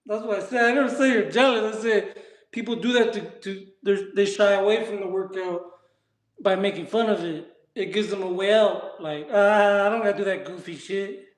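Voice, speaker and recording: A man's voice: high-pitched, normal speed. A man chatting casually in street slang while he works out on a live stream and answers his chat. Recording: echoey room.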